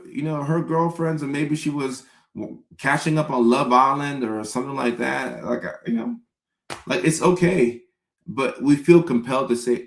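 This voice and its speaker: A man's voice: medium pitch, moderate pace, creaky. A young man, a comedian host, riffing casually with viewers and slipping into mock-pleading voices for his bits. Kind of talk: casual comedic riff to chat. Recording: echoey room.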